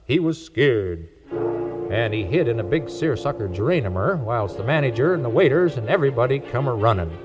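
Folksy male storyteller, lively pitch, music under old record. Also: a little fast, highs cut off. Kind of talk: 1940s children's record narration.

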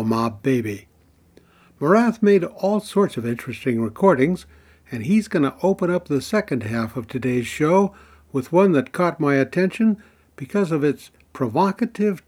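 A man's voice: on the high side, very animated, a little slow, a little mellow, husky. A man hosting a music radio show, chatty and playfully building suspense before each record. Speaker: radio host.

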